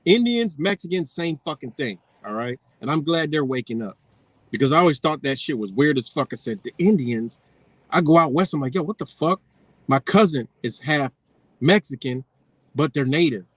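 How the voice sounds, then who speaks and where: A man's voice: mid-range voice, normal speed, dry recording. A man ranting profanely in a casual livestream, rambling and losing his train of thought. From United States.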